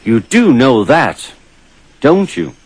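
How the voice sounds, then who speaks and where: A man's voice: mid-range voice, sing-song, slow, breathy edge, heavily acted, poor audio. A man voicing a cheerful, teasing small green tank engine in a storybook reading, with music behind. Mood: earnest. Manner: friendly and teasing.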